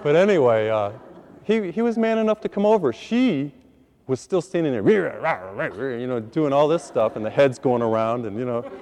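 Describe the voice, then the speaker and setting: A male priest tells a story from the pulpit in a mid-pitched voice, animated and poking fun at himself as he acts out his own lines. The sound hangs in a long reverb. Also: moderate pace. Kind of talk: storytelling sermon.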